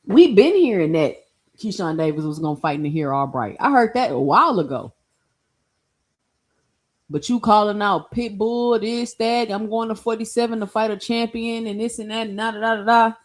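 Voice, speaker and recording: Animated woman boxing livestream host. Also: mid-range voice, normal speed. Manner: animated, opinionated, addresses chat directly. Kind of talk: casual livestream commentary.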